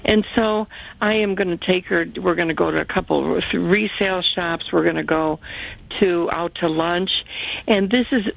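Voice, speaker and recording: Earnest grateful woman calling in, gravelly voice, sounds like a thin phone line. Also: on the low side, normal speed, no echo. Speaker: caller. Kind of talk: emotional call-in testimony.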